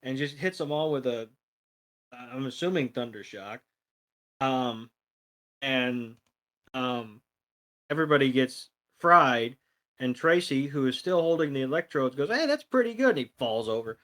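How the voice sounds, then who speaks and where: A man's voice: medium pitch, a little slow, long pauses, fairly bright tone. A man co-hosting a podcast, retelling a cartoon episode in a casual, rambling way with many ums and uhs. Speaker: podcast co-host. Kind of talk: casual plot recap.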